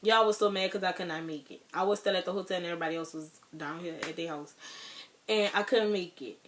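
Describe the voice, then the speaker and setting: A woman's voice: fairly low pitch, fast, a little hiss or hum. A young woman telling her viewers a sad personal story in a casual, chatty way, talking straight to them as y'all. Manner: emotional, grieving retelling. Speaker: vlogger.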